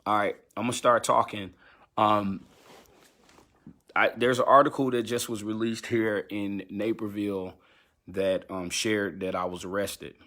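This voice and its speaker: Low-voiced man telling his story candidly. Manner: animated storytelling, halting with fillers and restarts. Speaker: gospel singer. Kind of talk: candid personal account on a livestream.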